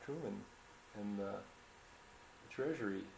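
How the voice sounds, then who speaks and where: An economist conducting an oral history interview speaks slowly in a lowish, creaky voice with a darkish tone. He poses thoughtful, leading questions and muses through his points before handing over the floor. The room sounds echoey, with a faint hiss underneath.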